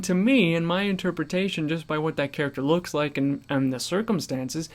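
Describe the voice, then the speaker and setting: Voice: mid-range voice, animated, moderate pace, hardly any pauses. A gaming vlogger ranting at home in disbelief, swearing often and breaking into laughter, recorded on a USB condenser mic without a pop filter. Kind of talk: home commentary rant.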